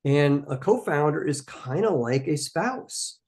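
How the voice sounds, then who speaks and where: A man's voice: a little high, lively intonation, measured pace, a little mellow. A man hosting a live question-and-answer stream for startup founders, giving emphatic, coaching answers and repeating his key points.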